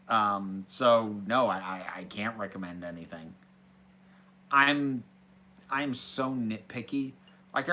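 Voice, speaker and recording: A man's voice: mid-range voice, sharp tone. A man hosting a casual Q&A, reading out viewer questions from a small office and answering them in a chatty, hesitant way with restarts. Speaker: host.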